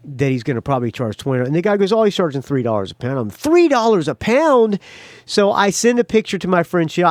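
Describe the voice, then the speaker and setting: A man talks through a long, rambling story from his day on his own podcast, his voice sitting a little high and swinging up and down with lots of life. The sound is dry and close, with no room around him. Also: no room sound. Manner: rambling storyteller, acts out quotes loudly. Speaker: podcast host. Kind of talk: casual monologue.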